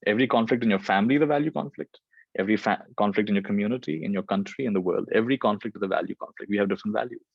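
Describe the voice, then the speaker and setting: A man's voice: on the low side, rapid-fire, creaky, husky, no echo, lo-fi sound. A man giving a spiritual talk and answering questions, reflective and repeating phrases for emphasis. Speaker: spiritual teacher.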